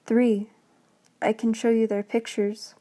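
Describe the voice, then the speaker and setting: A woman's voice: a little high, flat delivery, slow pace, warm tone. A woman voicing a terrified middle-aged father who begs and stammers, in a whispered role-play from a storybook. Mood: pleading. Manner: stammering, pleading.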